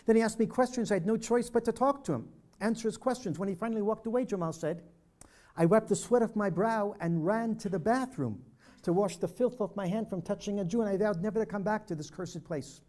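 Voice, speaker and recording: Older male storyteller, mellow tone, brings the quoted dialogue to life for a church audience. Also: high-pitched, a little fast. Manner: vivid storyteller acting out dialogue. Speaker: speaker at a peace dialogue presentation. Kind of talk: personal storytelling talk. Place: church hall presentation.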